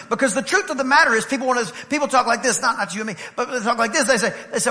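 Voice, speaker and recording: A man preaching a sermon as pastor, moving from conversational talk to fervent shouting. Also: extremely high pitch, very fast, hardly any pauses, in a large hall. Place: church.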